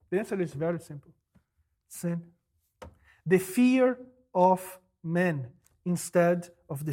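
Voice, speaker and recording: Preaching a sermon in a high voice, this male pastor poses rhetorical questions in rapid succession and then answers them. He swings from loud emphasis to quiet asides.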